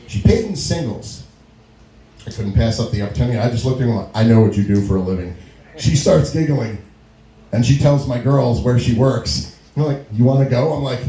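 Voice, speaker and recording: Man, middle-aged, stand-up comic, lively up-and-down delivery, mellow tone, echoey club. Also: medium pitch, gravelly. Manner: storytelling with frequent laughs and acted-out quotes. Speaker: stand-up comedian. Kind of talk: stand-up comedy set. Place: small comedy venue. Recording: echoey room recording.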